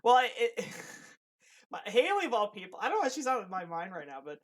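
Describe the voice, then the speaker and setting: A man's voice: sits high, huge pitch swings, fairly quick. Rambling young man on a podcast. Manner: rambling, many restarts and fillers. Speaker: podcast co-host. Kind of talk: casual podcast chat.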